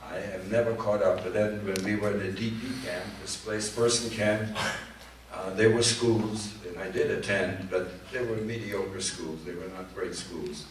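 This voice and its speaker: Older man, low-pitched, earnest halting storyteller, recorded far off with faint noise. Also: steady tone, very echoey. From Poland. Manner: halting, repeats words, earnest. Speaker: Holocaust survivor speaker. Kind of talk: personal testimony to students. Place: large hall at a community event.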